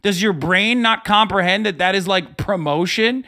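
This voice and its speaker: A man's voice: high-pitched, normal speed, sharp tone. A man in his thirties hosting a livestream, giving profane, exasperated reaction commentary. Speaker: livestream host.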